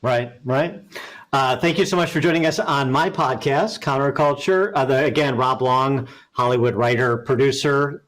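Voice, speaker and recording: A man's voice: mid-range voice, fairly even intonation, moderate pace, a bit bright. A man hosting a podcast interview, thanking his guest and wrapping up in a brief, appreciative way. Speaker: podcast host. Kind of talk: interview host wrap-up.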